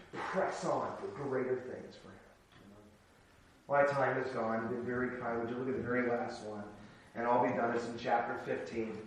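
A man preaching a sermon, moving from soft asides to shouted exclamations, telling stories with humor. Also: mid-range voice, a little hiss or hum. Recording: echoey hall, from far off.

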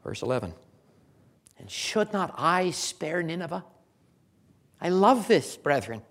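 A man preaching a sermon in a folksy, conversational way, chuckling now and then and building to loud, emphatic declarations. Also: a little high, very animated, measured pace.

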